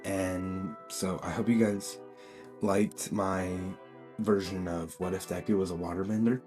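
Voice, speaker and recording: A man with a deep, mellow voice who tells a fan-made story in a loose, rambling way, often saying "like" and restarting sentences. Faint music plays under his voice. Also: steady tone, measured pace. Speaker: YouTube storyteller. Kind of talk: casual fan-story retelling.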